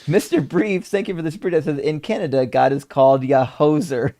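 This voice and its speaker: A man with a gravelly voice hosts a live debate stream. He reads viewer messages and riffs on them in a sarcastic, profane, animated way. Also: mid-range voice, normal speed. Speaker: debate stream host reading super chats. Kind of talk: casual live-stream chat.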